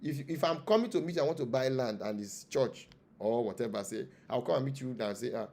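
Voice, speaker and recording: Speaking fast and animatedly, the man has a mid-range, creaky voice with a darkish tone and a Nigerian accent. He is a traditional spiritual leader giving an impassioned interview monologue, full of rhetorical questions and repeated phrases.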